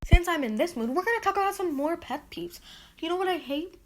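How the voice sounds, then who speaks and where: Female podcast host, high voice, rambling exasperated rant, filler-heavy. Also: lively intonation, brisk. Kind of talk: casual solo podcast rant.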